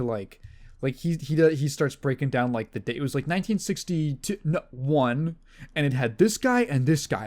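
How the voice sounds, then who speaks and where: A man's voice: mid-range voice, a little mellow. A young man hosting a podcast, telling rambling stories in casual chat, laughing often and mimicking people. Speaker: podcast host.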